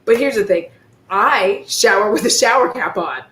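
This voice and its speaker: A woman's voice: medium pitch, lively intonation, moderate pace, fairly bright tone. A woman in casual chat, telling stories animatedly and acting out exchanges, with frequent swearing. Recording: echoey room with faint noise.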